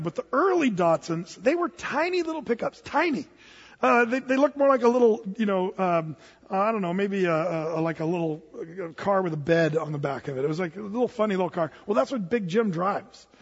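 A man preaching a sermon as pastor, telling stories in a lively way, with many restarts and fillers. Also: high voice, breathy edge, in a large hall, muffled recording.

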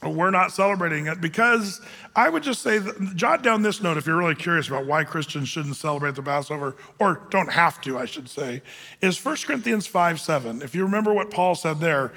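Bright-voiced pastor man in a hall. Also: fairly high pitch, animated, brisk. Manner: conversational, with frequent fillers and restarts. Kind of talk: verse-by-verse Bible teaching.

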